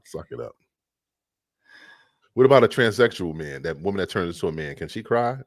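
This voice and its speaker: A man co-hosting a casual podcast, brash and profane. His low voice rises and falls a lot as he jokes and argues. The sound is close and dry. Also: expressive, fast talker, dry recording. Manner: brash, profane, joking banter. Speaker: podcast co-host. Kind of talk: casual chat.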